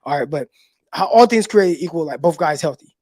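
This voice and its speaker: A man's voice: fairly high pitch, lively intonation, a little fast, darkish tone, no room sound. A man hosting a live sports call-in show, talking loosely with fillers and casual swearing. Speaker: sports podcast host.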